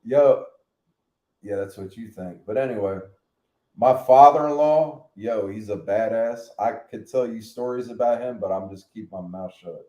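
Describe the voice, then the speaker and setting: Man, live-stream host, casual slangy joking chat, mellow voice, echoey room. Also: on the low side, unhurried. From United States. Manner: animated, joking, slangy, with loud whoops.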